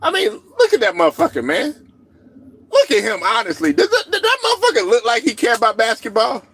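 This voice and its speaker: Guy ranting about basketball, AAVE, high voice that swings all over, laughing and cussing. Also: brisk, breathy edge. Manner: animated, laughs a lot, swears constantly, rants. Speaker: sports show host. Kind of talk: profane sports commentary monologue.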